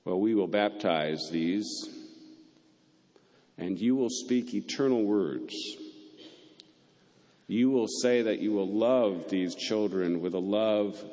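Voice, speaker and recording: A man's voice: lowish voice, slow, pauses often, warm tone, lo-fi sound. A man preaching a sermon as pastor, earnest, building to emphatic peaks. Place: church sanctuary. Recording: long reverb of a church hall.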